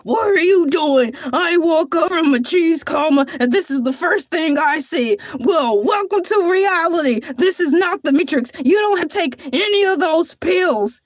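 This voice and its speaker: A woman voices a boastful male shark who hosts his own livestream show, in a very high-pitched, animated voice. She speaks a little slowly with few pauses, and there's no room sound. The character rambles grandiosely and praises himself.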